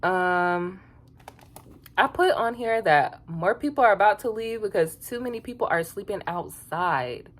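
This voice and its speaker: A woman giving a casual, sassy recap of a reality show, chatty and quick to laugh. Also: medium pitch, animated. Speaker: reality TV reviewer.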